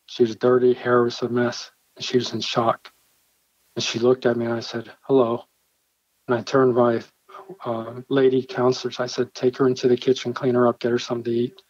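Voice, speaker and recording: A man's voice: medium pitch, no echo. Earnest man telling a church story. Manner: earnest, vivid storyteller who acts out his own quoted dialogue. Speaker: church pastor. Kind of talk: personal storytelling in an interview. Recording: dull, slightly lo-fi dry recording.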